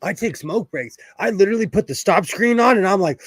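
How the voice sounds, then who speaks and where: A man from California hosting a sewing livestream, telling stories in a playful, animated way with plenty of laughter. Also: sits high, quick pace, few pauses, dry recording. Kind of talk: casual chat.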